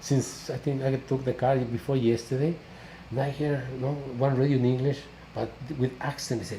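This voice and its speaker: Priest, mellow voice, roomy echo. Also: male voice, mid-range voice, fairly even intonation, normal speed, hardly any pauses. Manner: switches between English and Spanish, tag questions. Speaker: parish priest and host. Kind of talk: casual bilingual interview. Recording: echoey room, faint background noise.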